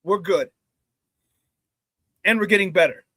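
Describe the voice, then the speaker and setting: A man hosting a casual sports talk show, animated, laughing easily and greeting viewers by name. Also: high voice, unhurried, husky, no room sound, studio quality.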